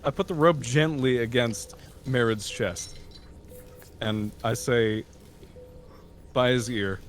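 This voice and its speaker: A man's voice: mid-range voice, takes it slowly, slight background noise. Man describing his moves in a tabletop game. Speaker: player. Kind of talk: tabletop role-play.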